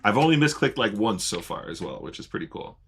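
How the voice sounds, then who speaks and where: A man's voice: fairly low pitch, sing-song, a little fast, gravelly, a bit bright, faint music behind. A man casually commentating his online poker play on a live stream, chatting with viewers as he goes. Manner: chatty, greets viewers while playing.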